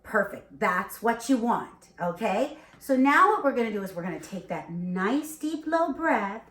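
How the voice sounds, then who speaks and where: A woman teaching a beginner singing lesson, explaining and demonstrating warm-ups, checking in with a frequent "okay?". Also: fairly high pitch, sing-song, measured pace. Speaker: vocal coach. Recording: echoey room.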